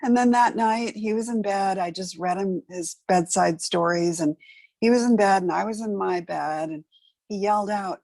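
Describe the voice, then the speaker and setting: A woman's voice: medium pitch, moderate pace, gravelly, darkish tone, no room sound. A middle-aged woman telling her personal story as an interview guest, earnest and conversational with many fillers. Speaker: interview guest, patient advocate.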